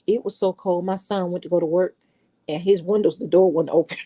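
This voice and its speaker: Middle-aged woman vlogger, warm low voice, folksy chat. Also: moderate pace. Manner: chatty, affectionate, folksy. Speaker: vlogger greeting her viewers. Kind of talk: casual chat.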